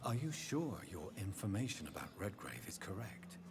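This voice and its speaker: An actor voicing an inquisitive gentleman who asks questions in a hushed whisper. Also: sits low, big pitch swings, normal speed. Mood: inquiring. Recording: game audio with noise.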